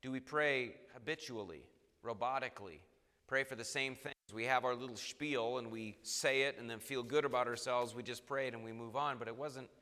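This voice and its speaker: Bright-voiced preacher man, echoing hall. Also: medium pitch. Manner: emphatic, repeats phrases for stress. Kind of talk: sermon.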